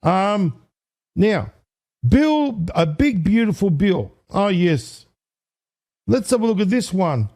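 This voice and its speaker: An excitable man with a fairly high voice, hosting a casual online commentary. He counts aloud, stumbles, and corrects himself, and he calls out to his viewers as ladies and gentlemen. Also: slow, long pauses. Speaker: online video host.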